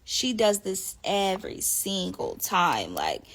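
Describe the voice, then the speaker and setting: A young woman telling stories in a casual interview, animated and profane, often laughing. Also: medium pitch, takes it slowly. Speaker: interview guest. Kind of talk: casual storytelling.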